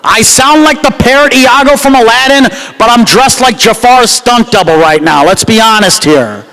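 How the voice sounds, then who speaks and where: A man from the United States performing a loud, self-mocking stand-up comedy set at a gala banquet. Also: extremely high pitch, normal speed, poor audio. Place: gala banquet hall with live crowd.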